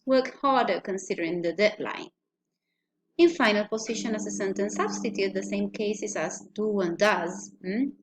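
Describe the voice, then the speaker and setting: A woman teaching English pronunciation in a recorded lecture. She speaks deliberately and checks in with listeners using a questioning "mm?". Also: a little high.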